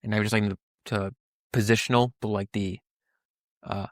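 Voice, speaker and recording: A man's voice: lowish voice, fairly even intonation, moderate pace, dry recording, studio quality. Young man rambling over a Bible passage. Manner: rambling, many restarts and fillers. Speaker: podcast co-host. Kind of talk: casual Bible discussion.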